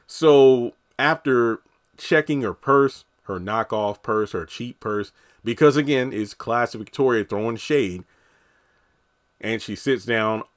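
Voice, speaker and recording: A man talks through a TV episode in a relaxed, chatty way. He keeps slipping into the characters' voices to quote them. His voice sits in an ordinary middle range. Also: mid-range voice, slow pace. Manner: animated, acts out quotes from characters. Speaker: TV episode reviewer. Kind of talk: casual recap commentary.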